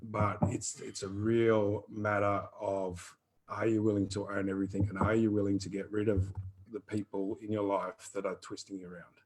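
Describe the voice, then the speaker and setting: A man's voice: on the low side, moderate pace, a little hiss or hum, rough recording. A man around fifty, chatting casually and rambling animatedly as he answers listener questions in a live Q&A. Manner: rambling, animated, earthy wording.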